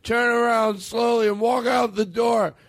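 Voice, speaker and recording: A man putting on the voice of his drunk, bitter, self-pitying uncle, wailing in a high-pitched, melodramatic way. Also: fairly even intonation, measured pace.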